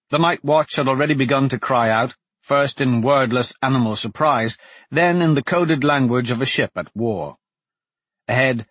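Husky male audiobook narrator. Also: mid-range voice, no echo. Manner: measured, steady reading. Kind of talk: scripted fantasy narration.

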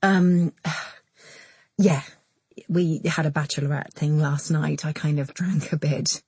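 A hesitant, self-conscious young bride in an audiobook, nervous and worn out as the woman reader voices her. Her voice is low and husky in a dry, close read. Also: fairly even intonation, takes it slowly, a little mellow, no echo, exaggerated voice. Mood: sheepish. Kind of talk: audiobook character voice.

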